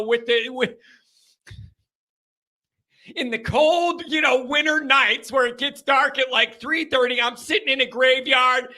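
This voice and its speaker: A man hosting a live call-in sports show, chatting casually and telling stories in animated, rambling bursts. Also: very high-pitched. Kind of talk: casual live-stream chat and storytelling.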